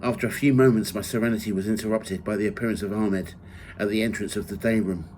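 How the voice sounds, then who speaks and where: A man's voice: on the low side, fairly even intonation, slight background noise, poor audio. Man reading his memoir aloud. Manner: measured reading, rising loud for quoted shouts. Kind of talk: first-person memoir reading.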